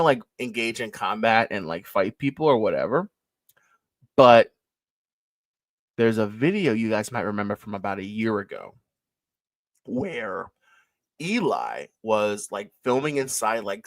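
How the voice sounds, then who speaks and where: Lively, chatty male streamer. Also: mid-range voice, no room sound. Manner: rambling, chatty, laughs often. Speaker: live stream co-host. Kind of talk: casual live stream chat.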